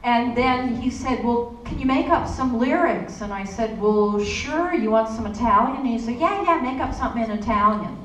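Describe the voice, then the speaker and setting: A woman's voice: on the high side, moderate pace, few pauses. A woman voice actor answering questions on a convention panel, chatty and storytelling with many asides. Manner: chatty, warm storytelling with frequent "you know". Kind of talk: panel Q&A talk. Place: convention hall. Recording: echoey hall from far off, faint noise.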